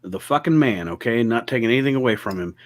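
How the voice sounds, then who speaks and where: A man's voice: medium pitch, lively intonation, fast. A man co-hosting a casual podcast chat, emphatic and prone to swearing and restarting his sentences. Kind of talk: casual chat about wrestling.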